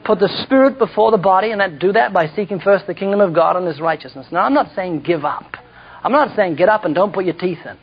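A man's voice: high voice, expressive, fast talker, breathy edge, faint music behind. A man preaching a humorous sermon with storytelling, jokey asides and self-mocking slips, heard in a dull lo-fi recording.

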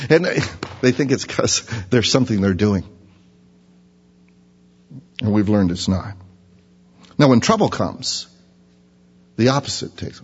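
A man preaching a conversational sermon, acting out everyday voices with a pitch jump. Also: lively intonation, normal speed, pauses often, slightly rough. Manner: conversational, acts out imagined voices in a higher pitch. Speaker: pastor. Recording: dull reverberant hall sound.

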